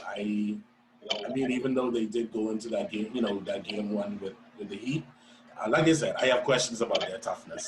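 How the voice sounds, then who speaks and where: A man at a middle pitch, talking sports on the radio in a relaxed, thoughtful way that is full of ums and you-knows. His voice sounds roomy and echoey. Steady background noise sits under it. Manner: relaxed, thoughtful, with many fillers. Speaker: sports commentator. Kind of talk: casual sports talk on radio.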